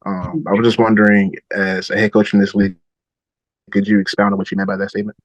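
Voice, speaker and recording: A man politely asking a measured question at a press conference. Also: on the low side, little pitch movement, no echo. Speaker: reporter. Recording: slightly dull audio.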